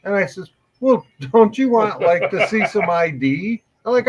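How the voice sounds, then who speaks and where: A man's voice: sits high, expressive, a little slow, a loud crowd. A man co-hosting a morning show, telling rambling, crude anecdotes with laughs in casual chat. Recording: dull lo-fi live stream audio.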